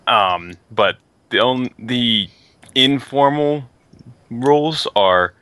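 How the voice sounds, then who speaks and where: A young man co-hosting a podcast in casual chat, halting and drawn out with fillers. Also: medium pitch, bright, forceful tone, clean tone, no room sound. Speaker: podcast co-host.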